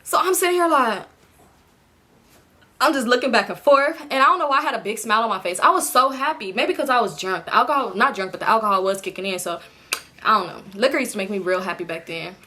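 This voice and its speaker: Fast, bright-voiced woman telling a story. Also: fairly high pitch, animated. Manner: candid and profane, acting out friends' lines. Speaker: storytime vlogger. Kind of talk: casual storytelling.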